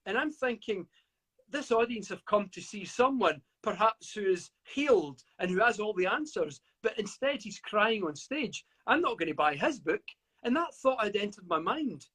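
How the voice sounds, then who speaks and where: A man's voice: high-pitched, big pitch swings, moderate pace, sharp tone, husky. A middle-aged man from the UK, a guest author reflecting at length in an interview, often stammering and restarting. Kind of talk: interview over a live video call.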